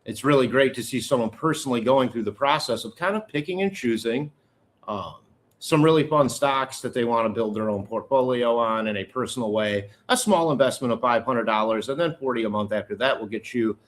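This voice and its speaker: A middle-aged man hosts a loose live catch-up with his viewers. His voice sits at an ordinary pitch but swings up and down a lot. He talks in a candid, rambling way and throws in joking asides. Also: fairly bright tone. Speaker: livestream host. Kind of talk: casual live chat with viewers.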